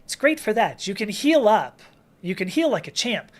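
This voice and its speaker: A woman's voice: mid-range voice, big pitch swings, normal speed. A woman hosting a casual livestream Q&A, chatting and reading viewer comments aloud with frequent laughs and restarts. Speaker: livestream host answering chat questions.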